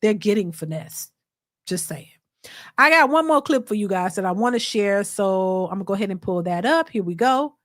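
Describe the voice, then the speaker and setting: A woman's voice: mid-range voice, animated, fairly quick, few pauses, dry recording, clean studio sound. A woman hosting a reaction channel, chatting to her live viewers in a blunt, emphatic way and lecturing them. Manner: mocks others by quoting them in a put-on voice. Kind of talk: casual commentary to a live chat.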